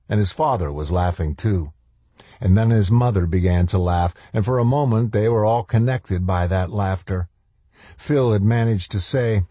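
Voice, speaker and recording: A man reads a novel aloud in a low, dark voice with a husky grain. His pacing is measured and slows down for the weightiest lines. The recording is dry and close, with no room sound. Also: no room sound. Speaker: audiobook narrator. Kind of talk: scripted narration of a novel.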